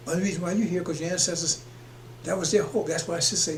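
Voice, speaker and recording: A man preaches in a slightly high, gravelly voice, rambling and emphatic as he chuckles between points. He is recorded in an echoey room with a faint hum behind him. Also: steady tone, fast. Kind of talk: preaching broadcast.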